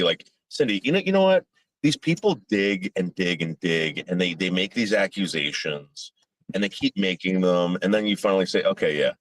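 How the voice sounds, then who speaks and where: A man with a low voice hosts a laid-back livestream chat. He rambles through hedges and restarts, swears without a second thought, and his pitch rises and falls a lot. The sound is dry and close. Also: no echo. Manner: rambling, hedging with fillers and restarts; blunt, swears casually. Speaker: podcast host.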